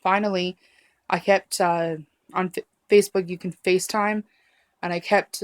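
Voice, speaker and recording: A woman telling a personal story to camera in a halting, emotional way, with many fillers and restarts. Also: lowish voice, little pitch movement, no echo. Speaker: vlogger.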